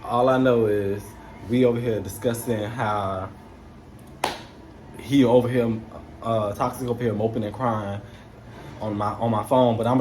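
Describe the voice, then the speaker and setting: A young man casually telling a story to camera, animated, slangy and swearing freely. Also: medium pitch, normal speed, long pauses, slight background noise.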